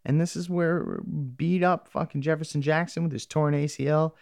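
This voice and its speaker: A man's voice: on the high side, steady tone, moderate pace, gravelly, a little mellow, no echo, clean studio sound. A man casually recapping a TV episode, rambling and swearing freely as he acts out lines from the characters.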